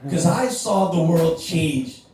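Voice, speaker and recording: High-voiced comic in his forties from Indonesia. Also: takes it slowly, dark tone. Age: 40s. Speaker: headlining comedian. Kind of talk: stand-up set. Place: comedy club stage before a live crowd. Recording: echoey room, distant mic, faint noise.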